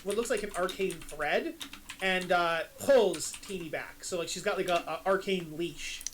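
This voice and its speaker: A man narrating as game master in a tabletop game, with a halting, self-deprecating way of talking. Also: high voice, a bit bright, slight background noise, poor audio.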